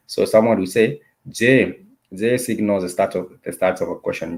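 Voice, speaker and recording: A man teaching a casual online language lesson, who explains patiently, repeats key words slowly and often restarts with hesitant fillers. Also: low voice, a little mellow.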